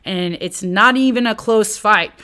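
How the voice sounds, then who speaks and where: A woman teaching on scripture in an animated, conversational way, acting out quotes and dropping casual slang. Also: medium pitch, unhurried. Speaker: Bible teacher.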